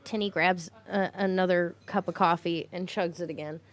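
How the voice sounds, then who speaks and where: A woman's voice: on the low side, steady tone, normal speed. A woman playing a tabletop roleplaying game, switching between her character and narration in a drawling, dramatic way. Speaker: player.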